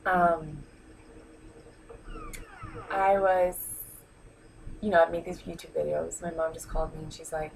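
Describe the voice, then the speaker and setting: A woman's voice: deep voice, flat delivery, measured pace, vocal fry, long pauses, slight background noise, rough recording. A woman talking heartfelt and rambling in a personal vlog, holding back tears. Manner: heartfelt, rambling, many ums and you-knows. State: close to tears. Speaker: vlogger. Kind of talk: emotional personal vlog monologue. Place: New York.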